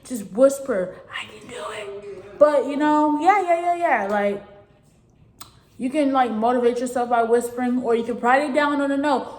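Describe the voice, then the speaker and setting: A woman's voice: high voice, moderate pace, darkish tone. A teenage girl giving casual, rambling advice to her viewers, repeating her points earnestly. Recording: echoey room.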